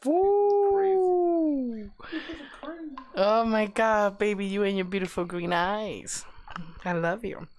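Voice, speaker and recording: A woman's voice: mid-range voice, little pitch movement, a little slow, a little hiss or hum. A woman hosting a live stream show, chatting casually in a giggly, teasing, playful way.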